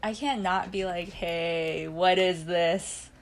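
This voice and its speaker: A woman's voice: fairly low pitch, steady tone, slow pace. Chatty young woman podcast co-host. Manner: chatty, laughs often, acts out quotes. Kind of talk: casual chat.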